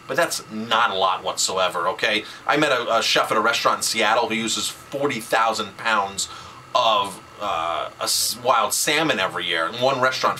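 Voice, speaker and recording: A man's voice: mid-range voice, pushed and bright, a little hiss or hum, low-quality recording. A man, a chef, talking casually on his video blog, emphatic and repeating words for stress. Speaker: chef and food advocate.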